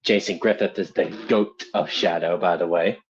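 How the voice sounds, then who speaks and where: At a moderate pace and with a steady tone, a young man with a fairly low voice chats on his stream, laughing often and rambling self-deprecatingly about his amateur voice work. The recording is dull and lo-fi.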